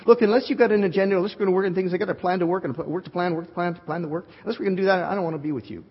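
A male pastor preaching an animated sermon, joking with his congregation. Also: high voice, racing, breathy edge. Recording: dull recording in a reverberant hall.

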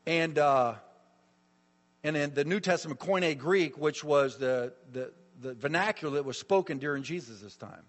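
A man's voice: a little high, moderate pace. A middle-aged man preaching a sermon as a pastor, telling stories emphatically with lots of repetition, in a reverberant hall.

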